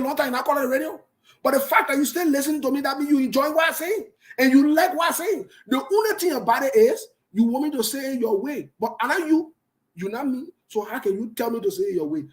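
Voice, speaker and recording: A man's voice: high-pitched, rough recording. A man hosting a radio talk show, giving opinionated commentary in a defiant, passionate way and repeating his points for emphasis.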